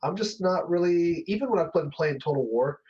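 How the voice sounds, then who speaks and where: A man's voice: fairly high pitch, expressive, fairly quick, darkish tone, muffled recording. A man co-hosting a podcast, talking casually and hesitantly with many fillers and frequent laughter. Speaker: podcast co-host. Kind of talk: casual chat.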